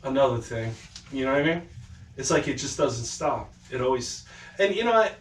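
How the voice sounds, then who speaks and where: A man's voice: medium pitch, animated, moderate pace, recorded from a distance. A man telling a story in a loose, chatty way, slipping into voices when he quotes people. He sits back from the mic in an echoey room with a faint hiss behind him. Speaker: podcast host. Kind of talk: casual chat.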